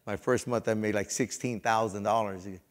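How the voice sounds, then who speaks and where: A man preaching a sermon as pastor, swinging between loud fervent passages and quiet, folksy storytelling with conversational asides. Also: fairly low pitch, steady tone, brisk.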